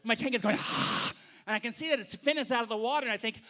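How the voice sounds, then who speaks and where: A man telling a comic story live on stage to an audience, animated and acting out voices. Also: very high voice, very fast.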